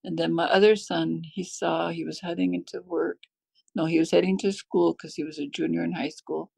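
A woman's voice: on the low side, vocal fry, a little mellow, breathy edge, dry recording. A middle-aged American woman telling a heartfelt personal faith story, emotional and tearful at times. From United States. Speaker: guest sharing a faith testimony.

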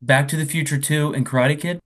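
A man casually retelling a film plot on a comedy podcast, acting out the characters' lines with quick asides. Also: a little high, steady tone. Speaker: podcast co-host. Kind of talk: casual comedic movie recap.

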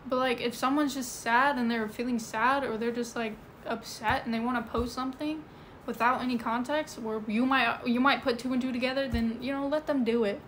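Rambling woman with a high voice on a livestream. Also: steady tone, fairly quick, a bit bright, a little hiss or hum. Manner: rambling, full of "like" and "you know". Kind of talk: casual livestream chat. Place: indoors at home. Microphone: phone.

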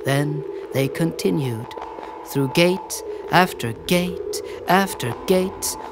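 A woman telling a myth in slow, dramatic, rhythmic phrases. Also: low voice, noisy background. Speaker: storyteller. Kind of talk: mythic storytelling over music. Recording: storytelling over clear music.

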